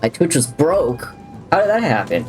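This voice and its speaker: Livestreaming a game, this man speaks at a moderate pace in a fairly high voice whose pitch swoops wildly. He's chatty and jokey, reading viewer messages aloud and bouncing between talking to chat and to the game as he plays casually, with faint game music in the background.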